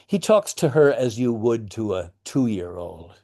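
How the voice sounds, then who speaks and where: Speaking unhurriedly in a mellow, medium-pitched voice, this man is very animated as he teaches a class on a play. The acting teacher's lecture mixes in readings, and he explains things in a thoughtful, wry manner.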